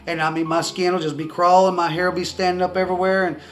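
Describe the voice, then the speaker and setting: Man, high voice, rambling testimony, repeats and restarts words, chuckles, seated at home in front of a camera, soft music behind. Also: flat delivery, quick pace. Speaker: person giving a religious testimony. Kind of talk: casual storytelling to camera. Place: indoors at home in the countryside. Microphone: camera in front of a seated speaker.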